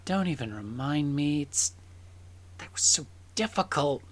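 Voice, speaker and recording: A woman's voice: deep voice, lively intonation, unhurried. A woman voicing a nervous, bookish young woman in glasses, stammering and flustered in a tabletop role-play. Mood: weary.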